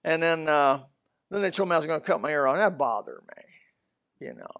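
An older man, pitched a little high, preaching a sermon. He tells stories and jumps from loud shouts to near-whispered asides. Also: very animated, a little fast, creaky. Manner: storytelling with loud bursts and sudden soft asides.

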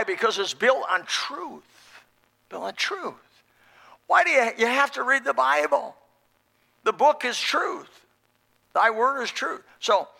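A middle-aged male preacher with a strikingly bright, keen tone and a fairly high voice. He preaches in a folksy, emphatic way, driving points home through repetition. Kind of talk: sermon.

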